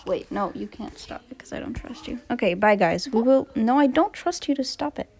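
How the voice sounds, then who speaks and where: A rambling, giggly American woman hosts a loose podcast chat from a study at home. Her voice sits a little high. She keeps laughing, wandering off topic and saying sorry. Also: expressive, fairly quick, a little mellow. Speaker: podcast host. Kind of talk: casual chat.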